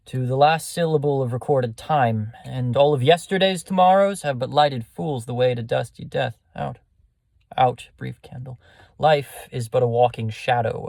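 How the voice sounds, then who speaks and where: A man reciting as a weary, despairing middle-aged king in a solemn, measured Shakespeare recitation. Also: medium pitch, creaky, a little mellow, dry recording.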